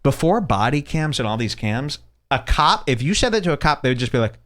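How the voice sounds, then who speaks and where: A man's voice: medium pitch, brisk. A middle-aged man from the Chicago suburbs hosting a podcast, telling stories in casual chat and acting out the quotes. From Chicago suburbs, USA. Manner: animated storyteller, acts out quotes. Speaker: podcast host.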